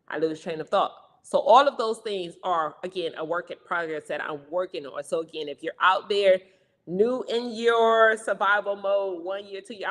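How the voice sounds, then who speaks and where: A young woman co-hosting a casual talk show, talking fast and loudly in an animated, energetic way. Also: on the low side, in a large hall. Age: young adult. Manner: fast, loud, animated talker. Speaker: co-host, stroke survivor. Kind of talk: casual chat.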